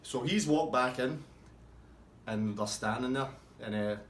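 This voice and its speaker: A man telling a rambling, swearing pub anecdote in a casual, animated way. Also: medium pitch, a little slow, slight background noise. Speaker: storyteller. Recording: roomy with faint ambience.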